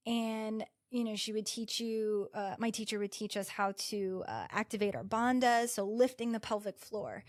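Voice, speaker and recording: A woman's voice: medium pitch, normal speed, few pauses, dry recording, clean studio sound. A woman yoga instructor guesting on a podcast, explaining in a casual chatty way with many "like" and "you know" fillers. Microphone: podcast microphone.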